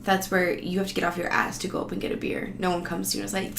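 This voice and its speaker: A woman's voice: fairly low pitch, completely flat delivery, fast, creaky, hardly any pauses, a bit bright. A woman telling a casual, rambling travel story, profane and sarcastic. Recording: roomy echo, faint background noise.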